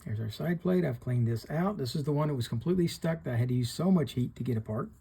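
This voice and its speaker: A man's voice: mid-range voice, lively intonation, fast talker, gravelly, mellow, breathy edge. A middle-aged man hosting a hands-on repair tutorial, plain-spoken, talking through each step while he works. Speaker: fishing reel repairer hosting a channel.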